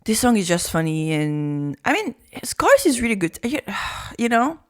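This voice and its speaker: A young woman with a sore throat and hoarse voice, chatting casually in a vlog, rambling and teasing herself in a playful way. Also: fairly high pitch, sing-song, unhurried. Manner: rambling, playful, self-mocking. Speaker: YouTuber.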